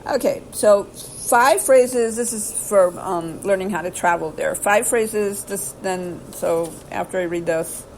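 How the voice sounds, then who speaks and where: A woman reading aloud from a book and rambling in between, often hesitating and correcting herself as she thinks out loud. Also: mid-range voice, a little slow, few pauses, a little hiss or hum, low-quality recording. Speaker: video host reading aloud. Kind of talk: casual read-aloud with asides.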